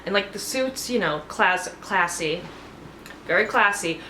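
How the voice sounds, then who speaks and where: A woman's voice: medium pitch, expressive, measured pace, pushed and bright, a little hiss or hum. Gossipy woman recapping a show. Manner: gossipy, filler-heavy, many "like"s. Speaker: TV show reviewer. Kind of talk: casual chatty recap. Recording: echoey room, faint ambience.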